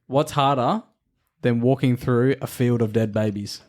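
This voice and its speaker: A man's voice: medium pitch, measured pace, darkish tone. A man co-hosting a podcast in casual chat, teasing his friend and swearing freely.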